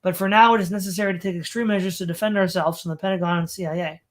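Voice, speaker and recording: A stream host with a mid-pitched voice, reading long passages aloud from a home mic. The reading is broken up by sarcastic commentary and asides. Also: steady tone, very fast.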